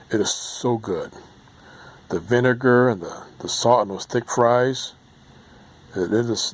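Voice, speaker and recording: A man in his late forties from the United States, speaking in a lowish voice. He reminisces in a loose, rambling way, often pausing on ums and restarting his sentences. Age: 40s. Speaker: vlogger. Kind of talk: casual reminiscing monologue.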